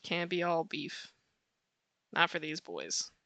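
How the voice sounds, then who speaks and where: A woman with a bright, clear voice chats casually with her viewers while she sketches. She answers chat in a warm, playful way and laughs often. Her voice is close and dry, with soft clicking in the background. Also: low-pitched, very animated, takes it slowly, no room sound. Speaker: art streamer.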